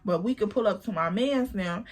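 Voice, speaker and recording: A woman's voice: medium pitch, normal speed, lightly acted. A woman putting on the voice of a laid-back young man in her storytime vlog, drawling and unbothered.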